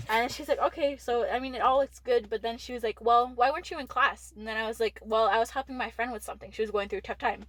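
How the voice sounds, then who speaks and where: A woman's voice: a little high, fast talker. A teenage woman co-hosting a podcast, telling a candid story full of "like" fillers and swearing. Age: teens. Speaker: podcast co-host. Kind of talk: casual storytelling chat.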